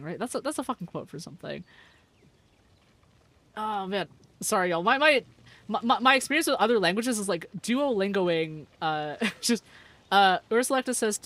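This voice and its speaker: A woman's voice: medium pitch, a bit bright. A young woman chatting casually on a livestream, giggling often and talking in a rambling, slangy, profane way. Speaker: streamer.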